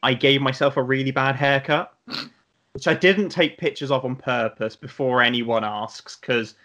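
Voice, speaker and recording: A man's voice: mid-range voice, moderate pace, pushed and bright, highs cut off. A young man from Britain in casual podcast chat, rambling and drifting off on tangents. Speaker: podcast co-host.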